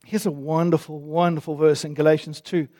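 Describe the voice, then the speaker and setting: A man's voice: fairly high pitch, flat delivery, brisk, warm tone. A male pastor preaching a sermon in a church, emphatic and asking his listeners many rhetorical questions.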